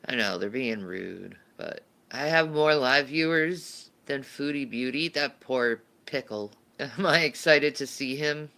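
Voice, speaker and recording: A woman's voice: rumbling low, unhurried, creaky, hardly any pauses, fairly bright tone. A woman livestreamer chatting casually and answering viewer questions, rambling and laughing, often restarting her sentences.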